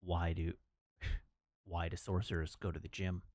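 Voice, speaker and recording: A man's voice: low-pitched, little pitch movement, normal speed, a little mellow, no echo, clean studio sound. A man chatting casually on his livestream, laughing and reading out chat messages.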